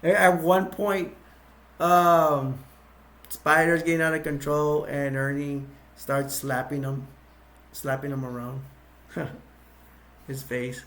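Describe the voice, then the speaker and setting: A man's voice: a little high, little pitch movement, slow pace, pauses often, fairly bright tone. Rambling man recapping a movie. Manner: rambling, with many fillers and restarts. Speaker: movie reviewer. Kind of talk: casual plot recap.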